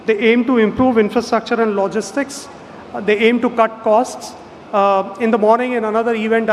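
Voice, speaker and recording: A man giving a measured conference speech as a development finance official, pausing often with fillers. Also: sits high, a little hiss or hum. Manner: measured, frequent uh fillers and restarts. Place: large conference hall. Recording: reverberant hall with faint background ambience.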